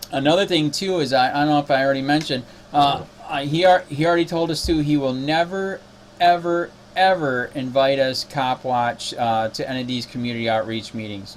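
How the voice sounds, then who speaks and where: A man's voice: fairly high pitch, slight background noise. A man who is a cop watch activist, talking in a casual spoken recap, indignant and exasperated.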